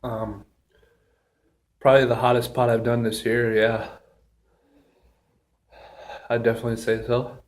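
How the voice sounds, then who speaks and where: A man talking casually in a solo review vlog, halting with many ums and pauses, a bit out of breath, with a runny nose and a burning mouth. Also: medium pitch, flat delivery. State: slightly out of breath from pepper heat. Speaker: pepper reviewer.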